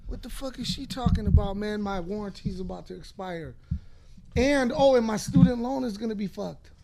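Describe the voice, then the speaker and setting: A man in his fifties hosting a podcast, telling a long profane story in a rambling, animated way. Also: high-pitched, normal speed, gravelly. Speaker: podcast host. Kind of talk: casual storytelling.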